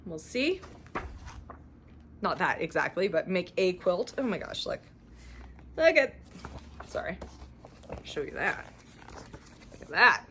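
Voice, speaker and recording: Casting: young woman, lively up-and-down voice, unhurried, excited crafty show-and-tell, faint room hiss. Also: on the low side. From Canada. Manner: gushing, chatty, lots of fillers and laughs. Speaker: cross-stitch channel host. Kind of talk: casual show-and-tell chat.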